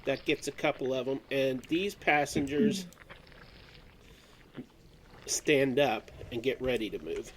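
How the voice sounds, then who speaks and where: A man's voice: medium pitch, slow pace, pauses often, low-quality recording. A man in a mid-range voice running a tabletop game, walking players through moves and rules at an easy pace. A faint hum sits under the recording. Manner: relaxed, explains rules step by step. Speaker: game master.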